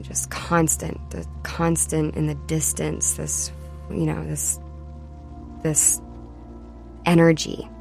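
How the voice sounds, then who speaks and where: A woman, telling her memories in a halting, reflective way for a recorded oral history. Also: deep voice, creaky, a little mellow. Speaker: wildfire survivor.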